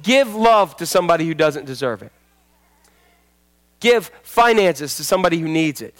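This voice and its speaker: A man's voice: on the high side, sing-song, moderate pace. A male pastor giving a folksy sermon, repeating phrases for emphasis and telling homely stories.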